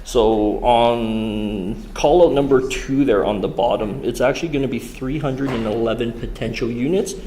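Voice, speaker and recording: A man presenting a development plan to a town council, walking through the numbers in a measured way. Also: medium pitch, dark tone, slight background noise. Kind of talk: explaining figures to council. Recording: echoey chamber.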